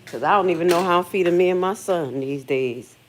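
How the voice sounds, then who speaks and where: A middle-aged woman hosts a casual livestream chat from her kitchen, telling emotional stories candidly and swearing often. Her voice is lowish and brisk, with a little hiss or hum in the recording.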